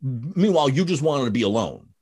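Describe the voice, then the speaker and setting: A man's voice: mid-range voice, big pitch swings, fairly quick, darkish tone, slightly rough. A man, a father, talking bluntly and heatedly about parenting in a casual podcast chat, full of swearing.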